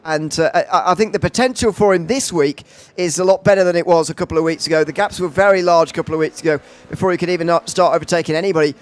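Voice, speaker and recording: A man's voice: fairly high pitch, quick pace. A man commentating a sim race live, calling overtakes with frequent uhs and restarts. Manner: filler-heavy play-by-play with frequent uhs.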